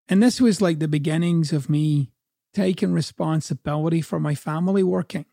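A man's voice: on the high side, normal speed, gravelly, dark tone, dry recording, clean studio sound. A man from Scotland with a Scottish accent, a coach giving a blunt, profane, conversational motivational talk.

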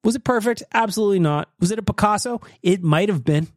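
A man's voice: sits high, fast talker, dry recording, studio quality. A man from North America hosting a podcast, joking and theatrical. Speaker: podcast host. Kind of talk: casual podcast chat.

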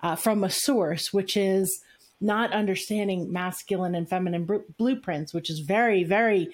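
A woman's voice: medium pitch, moderate pace. A woman coaching a client and group, teaching in emphatic, repetitive phrases. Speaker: relationship coach. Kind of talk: coaching session talk.

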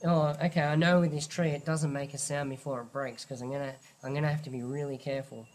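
A man, hosting a podcast and explaining his methods in an animated way, thinking aloud through examples. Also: mid-range voice, fast talker. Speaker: podcast host. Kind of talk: casual podcast chat.

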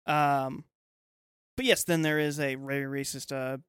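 A man co-hosting a podcast in casual chat, agreeable and quick to say yes while retelling a film's plot. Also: fairly high pitch, steady tone, a bit bright, smooth, no echo. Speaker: podcast co-host.

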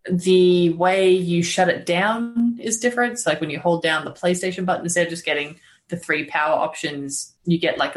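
Chatty woman game journalist, lowish voice. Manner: chatty, quick asides with "like". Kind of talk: casual podcast chat.

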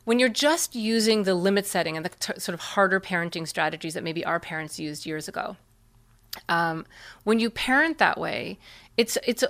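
As a guest in an interview, a woman earnestly and animatedly walks through parenting techniques, her pitch medium. She often plays out the lines that kids and parents might say.

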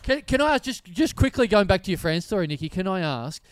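A man's voice: high voice, big pitch swings, fast, clear, resonant tone, dry recording, clean studio sound. A man hosting a podcast, easygoing and playful, asking follow-up questions in casual chat. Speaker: podcast host.

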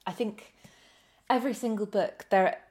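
A woman hosting a casual chat, enthusiastic and quick to laugh. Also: mid-range voice, fairly even intonation. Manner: warm, enthusiastic, laughs freely. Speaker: host.

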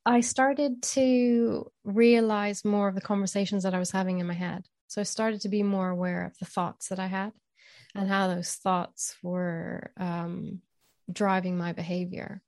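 Candid woman with a gravelly edge. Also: mid-range voice, little pitch movement, a little mellow, dry recording. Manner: emotional, candid, unhurried. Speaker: interview guest. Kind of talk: personal storytelling in interview.

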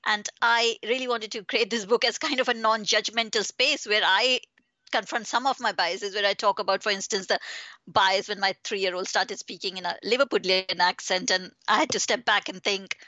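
A woman's voice: mid-range voice, fairly even intonation, normal speed, sharp tone, no echo, muffled recording. A woman author answering interview questions in an earnest, reflective way, building her points step by step.

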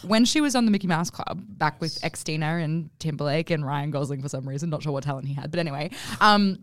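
A woman's voice: low-pitched, fast, dry recording, clean studio sound. A woman co-hosting a podcast, chatting with enthusiasm and telling stories. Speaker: podcast co-host. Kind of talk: casual chat.

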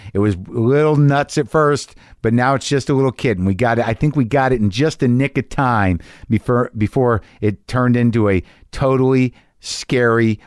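A man's voice: mid-range voice, dry recording. Middle-aged guy hosting a podcast, rambling and swearing, dry close mic. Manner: loose, profane, rambling with fillers. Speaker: podcast host. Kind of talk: casual podcast chat and ad read.

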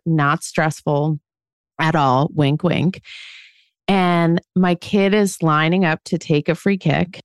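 A woman's voice: on the low side, clear, resonant tone, dry recording, studio quality. A woman in her forties co-hosting a podcast, telling a story in a candid, self-mocking way and laughing at herself often. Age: 40s. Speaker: podcast co-host. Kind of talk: casual chat.

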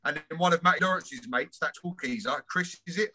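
A man's voice: fairly high pitch, fairly quick, pushed and bright. A man hosting a casual football podcast, rambling and chuckling through his stories. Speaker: podcast host. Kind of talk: casual chat.

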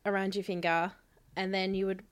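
A woman's voice: mid-range voice, little pitch movement, a little fast, clear, resonant tone. Chatty woman telling stories. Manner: chatty storytelling, laughs often. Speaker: podcast co-host. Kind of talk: casual chat.

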